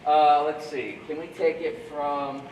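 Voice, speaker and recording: A man's voice: on the high side, flat delivery, slow, far from the mic, muffled recording. Man coaching a jazz band, echoey. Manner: scats rhythms to demonstrate phrasing; counts off the band. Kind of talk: rehearsal coaching. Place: school rehearsal room or auditorium. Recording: echoey room, heard from afar, noisy.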